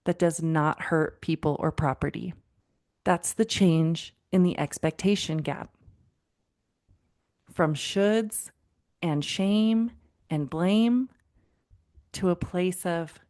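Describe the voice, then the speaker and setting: A woman's voice: fairly low pitch, slow, pauses often, darkish tone. A woman in her thirties hosting a parenting podcast as a counselor, talking conversationally and calling the listener "friend" while retelling client conversations. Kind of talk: warm direct-address podcast talk.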